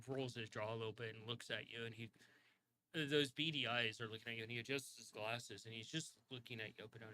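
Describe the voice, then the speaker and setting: A man's voice: mid-range voice, pushed and bright, a little hiss or hum, poor audio. A man running a tabletop game as game master, narrating in a rambling way with many restarts. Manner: rambling, full of fillers and restarts.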